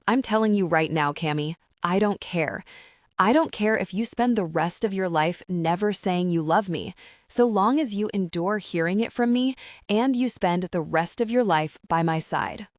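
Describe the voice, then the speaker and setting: A woman reading an audiobook, voicing a tender, devoted young man who speaks softly and earnestly. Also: on the low side, moderate pace, no echo, clean studio sound, close to an everyday voice. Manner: soft, hushed and earnest. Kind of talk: audiobook narration.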